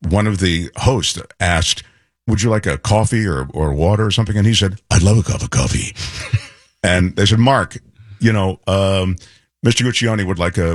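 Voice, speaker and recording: Low-voiced man telling a story. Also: no echo, clean studio sound. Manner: animated anecdote teller, imitates voices. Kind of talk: casual storytelling chat.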